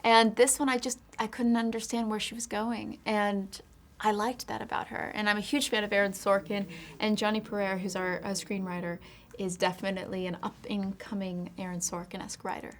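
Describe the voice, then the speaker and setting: A woman in a film press interview, speaking in a middle-pitched voice. She answers thoughtfully and candidly, working through her ideas at length and reflecting as she goes. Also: level tone, fairly quick, a little hiss or hum. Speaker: actress being interviewed.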